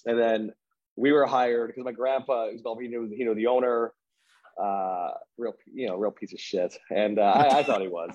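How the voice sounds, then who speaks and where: A man's voice: mid-range voice, fairly even intonation, moderate pace, a little mellow, dull audio. A man telling a story in casual chat, rambling with lots of "like" and restarts, laughing at himself.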